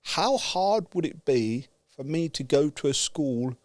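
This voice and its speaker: A man from the UK telling a story with lively energy, acting out the dialogue and laughing as he goes. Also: on the high side, unhurried, dry recording. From United Kingdom. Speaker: guest speaker. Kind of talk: animated storytelling.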